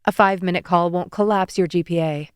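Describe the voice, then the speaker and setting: A woman voicing a caring, fussing middle-aged mother on the phone, brisk and gently teasing. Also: on the low side, clear, resonant tone, no room sound, clean studio sound, natural voice. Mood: motherly.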